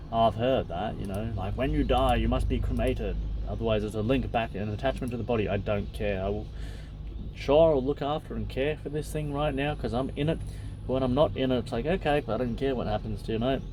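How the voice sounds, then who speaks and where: A man reading passages from a text aloud and pausing to muse on them in a loose, casual way, with fillers and asides. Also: medium pitch, noisy background. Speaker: podcast host.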